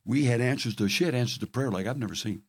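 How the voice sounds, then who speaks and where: Older male preacher, mid-pitched, earnest storyteller, swings loud to hushed, dry close sound. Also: fast talker, slightly rough, no echo. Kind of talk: sermon.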